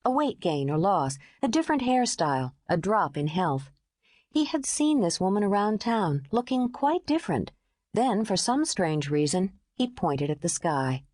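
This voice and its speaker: A woman narrates a scripted audiobook expressively, her voice medium in pitch and at a normal speed. The recording is studio quality with no room sound.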